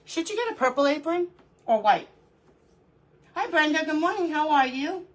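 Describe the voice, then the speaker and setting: A middle-aged woman with a high-pitched, expressive voice hosts a live crafting stream at a moderate pace. She chats in a relaxed way, greets viewers by name, and talks to herself while working.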